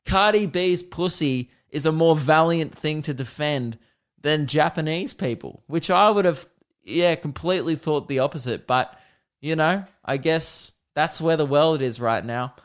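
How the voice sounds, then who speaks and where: A man's voice: fairly high pitch, measured pace. Rambling man, podcast host. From Australia. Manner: rambling, swears often, laughs at his own stories. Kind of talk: casual solo podcast chat.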